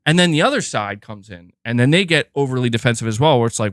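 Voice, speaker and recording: A man hosting a casual gaming livestream, ranting in a loose, animated way with lots of filler words and free swearing. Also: medium pitch, fast, few pauses, no room sound, clean studio sound. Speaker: gaming podcast host.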